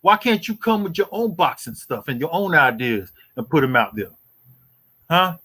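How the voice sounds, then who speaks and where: A boxing YouTube host in his forties taunts a rival on a livestream, ranting profanely and repeating "boy" and "you hear me." His slightly high voice swings widely in pitch at a moderate pace, sounding bright and forceful with a breathy edge.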